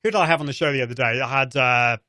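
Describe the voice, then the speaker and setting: A man's voice: medium pitch, racing, sharp tone, dry recording, clean studio sound. A man with an accent from near Manchester, hosting a live show in enthusiastic casual chat and often restarting his sentences. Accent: English, Manchester area. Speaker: podcast host.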